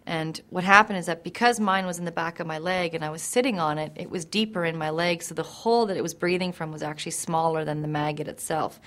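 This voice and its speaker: A young woman telling a personal story straight to the camera, in a vivid and animated way. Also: low voice, fast talker, few pauses. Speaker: interviewee.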